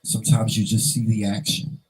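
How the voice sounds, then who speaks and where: A man's voice: lowish voice, little pitch movement, brisk, darkish tone, breathy edge, low-quality recording. A man vlogger telling a personal story in an earnest, emotional way, fighting back tears and repeating phrases for emphasis.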